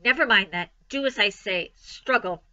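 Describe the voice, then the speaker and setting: A bossy old sheep gives firm orders in a children's storybook reading, with a woman putting on the voice. The tone is bright and forceful, and the recording sounds a little muffled. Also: medium pitch, moderate pace. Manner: firm, commanding.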